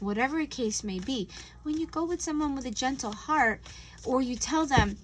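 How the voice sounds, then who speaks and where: A woman giving a casual spiritual tarot reading, earnest and gentle, often acting out imagined conversations. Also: high-pitched, animated, moderate pace, slight background noise, poor audio. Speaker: tarot reader.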